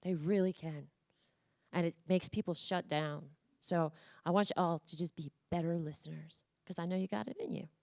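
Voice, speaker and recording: Energetic woman coaching a conference crowd. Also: lowish voice, normal speed, vocal fry. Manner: energetic, coaxing, talks to the crowd directly. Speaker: conference speaker. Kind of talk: motivational talk with audience exercises. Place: conference room.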